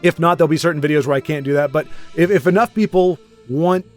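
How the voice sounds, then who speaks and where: Chatty, higher-voiced man commentating a game. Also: fast talker, a little mellow, faint music behind. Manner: chatty, self-deprecating, rambling with restarts. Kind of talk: casual gameplay commentary.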